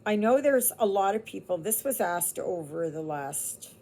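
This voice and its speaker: A woman's voice: mid-range voice, animated, moderate pace, darkish tone. A woman from Canada chatting casually to her viewers at home, rambling and laughing easily. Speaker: cross-stitch vlogger.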